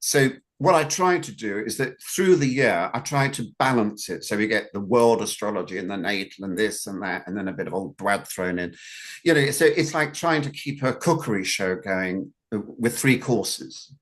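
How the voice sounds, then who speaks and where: A man's voice: on the low side, animated, moderate pace, fairly bright tone. A man interviewing casually on a video call, wry and jokey. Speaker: journal editor, interviewer.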